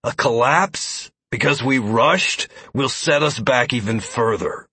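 A man voicing a big, stubborn male labourer who speaks in a firm, annoyed, deliberate way. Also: mid-range voice, sharp tone, slightly rough, dry recording, pitched above the performer's own voice, heavily acted.

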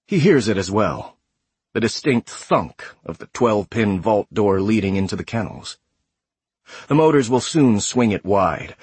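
A man reading a sci-fi horror story aloud in a measured, graphic storytelling manner. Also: fairly low pitch, husky, no echo. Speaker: narrator. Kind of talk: scripted audiobook narration.

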